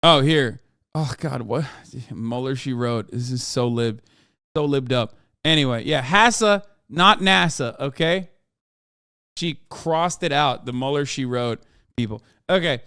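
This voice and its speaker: A man's voice: mid-range voice, measured pace, fairly bright tone, clear, resonant tone, no echo, studio quality. A man streaming live, reacting to the news in casual, profane, rambling and sarcastic commentary. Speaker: streamer host.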